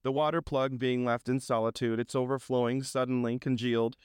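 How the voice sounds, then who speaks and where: A man narrating a classic story in a measured reading style, with small slips. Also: medium pitch, level tone, darkish tone, smooth, no room sound, clean studio sound.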